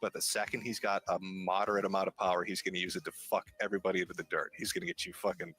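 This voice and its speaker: A man's voice: deep voice, flat delivery, racing, a bit bright, breathy edge, faint music behind. A man giving casual, emphatic and profane commentary on a clip.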